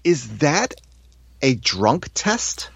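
Podcast host guy, really animated up and down voice, dry close mic. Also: medium pitch, very slow, gravelly, husky, dry recording. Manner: animated, thinks aloud with restarts and asides. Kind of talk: casual chat about a sitcom episode.

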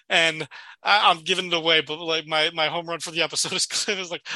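A man with a very bright, forceful voice and slightly high pitch recaps a sitcom episode in casual chat. He laughs often and slips into quoted lines as he retells scenes. The sound is dry and close. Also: fairly even intonation, a little fast, no echo. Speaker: podcast co-host.

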